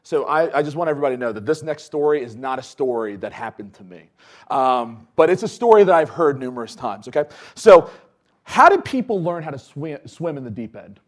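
A man preaching a casual, conversational sermon, telling stories with lots of fillers and swinging between loud bursts and hushed asides. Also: medium pitch, very animated, brisk. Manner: chatty with many fillers.

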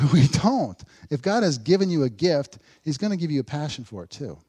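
A male pastor delivering a sermon conversationally, with dry sarcasm, swinging between loud emphatic points and hushed asides. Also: fairly high pitch, big pitch swings, quick pace, husky.

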